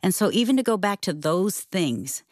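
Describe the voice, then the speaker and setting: Low-voiced earnest woman co-host. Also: animated, moderate pace, darkish tone, dry recording, clean studio sound. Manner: earnest, direct. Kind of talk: casual chat.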